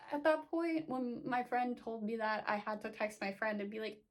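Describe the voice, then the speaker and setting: A woman's voice: on the high side, moderate pace, hardly any pauses. A woman casually recapping a TV series for her vlog, flippant and chatty, with lots of "like". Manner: chatty, flippant, filler-heavy with frequent "like". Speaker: recap vlogger.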